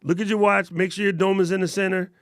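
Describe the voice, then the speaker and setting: A man's voice: sits high, level tone, quick pace, dry recording, studio quality. A man hosting a casual live stream about camera gear, slangy and enthusiastic as he answers viewer questions.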